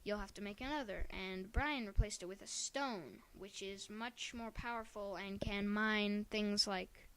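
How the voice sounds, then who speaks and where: A woman's voice: medium pitch, measured pace, hardly any pauses, a bit bright, clear, resonant tone. A woman narrating a game tutorial in casual, upbeat, explanatory commentary.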